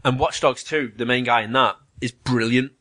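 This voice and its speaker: A man in casual chat about video games, an animated storyteller who swears and mimics voices. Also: medium pitch, moderate pace, no echo.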